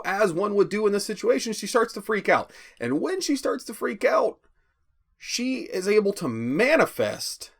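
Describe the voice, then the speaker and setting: A man's voice: high-pitched, a bit bright. A man giving a rambling, profane spoken movie review, often stammering and restarting. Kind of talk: casual spoken film review.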